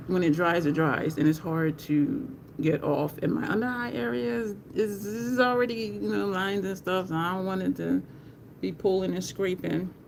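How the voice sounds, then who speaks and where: Chatty woman with a gravelly voice. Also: mid-range voice, darkish tone, slight background noise. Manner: chatty, laughs often, greets viewers by name. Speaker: makeup livestream host. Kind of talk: casual livestream chat while doing makeup.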